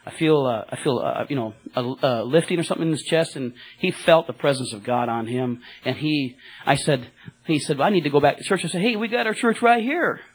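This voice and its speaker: Husky-voiced male cab driver, rambling church testimony, excited, filler-heavy. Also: medium pitch, brisk, rough recording.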